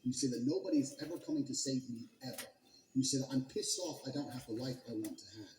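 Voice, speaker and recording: A man giving a blunt, profane motivational monologue, talking forcefully and with heavy emphasis. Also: mid-range voice, fast, slight background noise. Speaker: motivational speaker. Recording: roomy echo with faint ambience.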